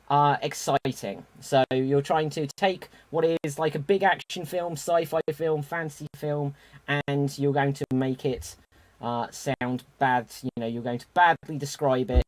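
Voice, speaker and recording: A man hosting an online improv comedy show, upbeat and chuckling as he keeps the game moving. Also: fairly high pitch. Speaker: host.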